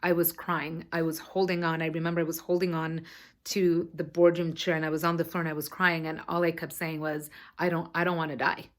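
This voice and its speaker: A woman in her thirties talks straight to camera, telling a long personal story in an animated, chatty way and swearing now and then. Her voice sits a little low for a woman. She sounds like she is sitting at home, recorded on her camera mic. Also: fairly quick. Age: 30s. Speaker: vlogger.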